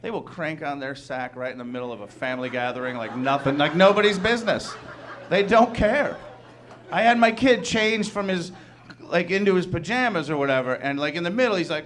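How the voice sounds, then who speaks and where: A young man doing a stand-up comedy set, loud and animated, laughing through his punchlines. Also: fairly high pitch, normal speed.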